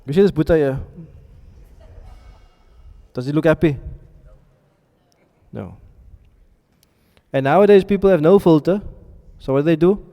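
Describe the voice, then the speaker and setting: A man's voice: a little high, measured pace, pauses often, dull audio. A man teaching a classroom lesson, often stopping to ask his students questions and check they are following. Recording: reverberant hall sound.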